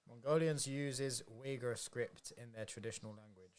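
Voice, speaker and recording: A man chatting casually among friends, calmly explaining things. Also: medium pitch, normal speed, clear, resonant tone. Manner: calm, explaining plainly. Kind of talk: casual chat during a fight watchalong.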